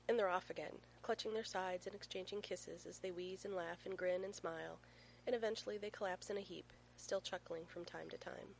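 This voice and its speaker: A woman's voice: medium pitch, slight background noise, rough recording. A woman narrating a fan fiction story as an audiobook reader, playful and storytelling.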